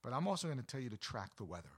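A man's voice: mid-range voice, sing-song, very fast, fairly bright tone, husky, dry recording. A man hosting an outdoor adventure show, telling rambling, enthusiastic stories and giving casual tips. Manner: chatty, rambling, enthusiastic storyteller. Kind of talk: casual outdoor storytelling to camera.

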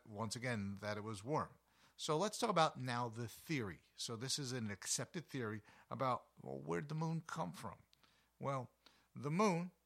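Guy hosting a science talk show, bright punchy voice, goofy teacher vibe, keeps asking the listener questions. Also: medium pitch. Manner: jokey, self-correcting, lively teacher tone; asks the listener rhetorical questions. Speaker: host of an educational podcast. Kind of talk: casual educational talk.

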